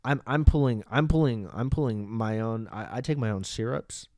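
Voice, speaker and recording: A man's voice: mid-range voice, moderate pace, darkish tone, dry recording, studio quality. A man hosting a podcast, talking through a casual comedic monologue in a rambling, profane way, with frequent restarts, into a microphone. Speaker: podcast host. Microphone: studio microphone.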